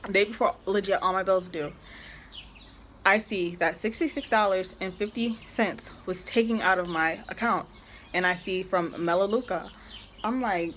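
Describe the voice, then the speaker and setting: A woman's voice: mid-range voice, normal speed, fairly bright tone, slight background noise. Exasperated young woman venting, chatty. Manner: chatty, exasperated, heavy use of "like". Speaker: vlogger. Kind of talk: casual storytime rant.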